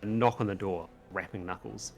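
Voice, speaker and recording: A man's voice: fairly low pitch, fairly even intonation, normal speed, gravelly. A man narrating as game master, describing scenes and teasing his players.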